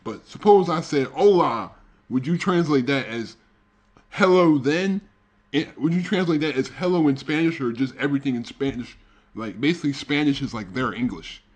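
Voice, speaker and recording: A man's voice: medium pitch, moderate pace. A man hosting a reaction video, rambling casually and leaning on "like" and "you know what I'm saying".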